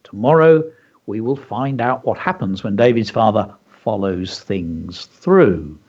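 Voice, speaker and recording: A man's voice: on the low side, expressive, a little slow, a little mellow, slightly rough. A man hosting a children's radio lesson, reading his story aloud with enthusiastic, chatty asides. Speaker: teacher and radio show host. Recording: dull lo-fi radio audio.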